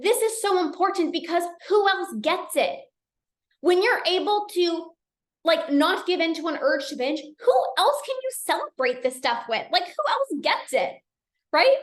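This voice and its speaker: A woman coach talking casually in a live session, energetic and chatty with many restarts. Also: high voice, roomy sound. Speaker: binge eating coach hosting a live session. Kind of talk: casual live-stream talk.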